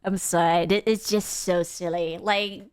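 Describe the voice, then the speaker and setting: A young adult woman streamer giving casual reaction commentary, animated and exclaiming with quick asides. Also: on the low side, clear, resonant tone, no room sound. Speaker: VTuber streamer.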